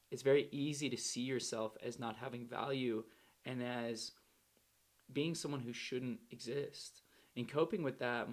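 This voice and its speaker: Gravelly man telling his story. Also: mid-range voice. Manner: slangy and candid. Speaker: storyteller recounting his recovery. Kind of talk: casual first-person storytelling.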